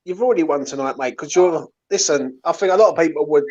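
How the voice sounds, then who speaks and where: A man on a live stream chat, repeating warm encouragement in a casual way. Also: on the high side, quick pace, highs cut off. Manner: repetitive, heartfelt pep-talk phrasing. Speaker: guest on a live watchalong stream.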